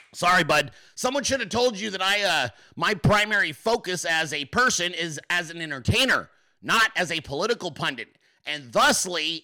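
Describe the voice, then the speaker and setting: A man's voice: sits high, sharp tone. A man hosting his own podcast, talking in a brash, mocking way and swearing freely. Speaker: podcast host. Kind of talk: casual political commentary.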